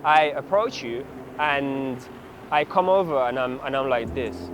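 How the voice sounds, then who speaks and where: A man giving dating advice straight to camera, animated and instructive, acting out short examples as he goes. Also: mid-range voice, measured pace, background noise. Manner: animated, demonstrates approaches in acted voices. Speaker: dating coach. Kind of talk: direct-to-camera coaching talk.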